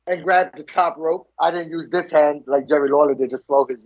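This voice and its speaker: Man, high voice, podcast co-host, eager storyteller, repeats words, muffled lo-fi sound. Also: a little fast. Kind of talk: casual podcast chat. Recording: slightly muffled lo-fi audio.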